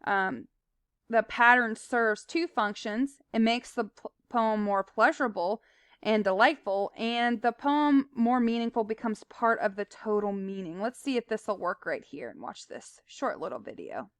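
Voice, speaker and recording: A woman talks through a recorded lesson in a fairly high voice. She explains terms plainly, with fillers and asides. The sound is dry and close, and her voice is smooth. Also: animated, a little slow, fairly bright tone, no room sound. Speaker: teacher.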